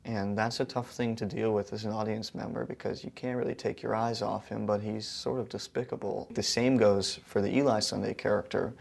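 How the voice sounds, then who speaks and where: A man's voice: fairly low pitch, fairly even intonation, a little fast, vocal fry, hardly any pauses. A young male actor talking casually and thoughtfully in an interview, earnest with small hesitations.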